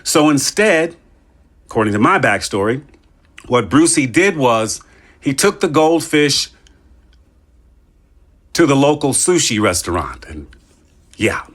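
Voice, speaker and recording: A man's voice: mid-range voice, big pitch swings, unhurried, pauses often, a bit bright. Male podcast host, mid-range voice, loose and jokey, rambling with playful tangents. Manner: joking, rambling, playful asides. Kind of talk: casual podcast chat.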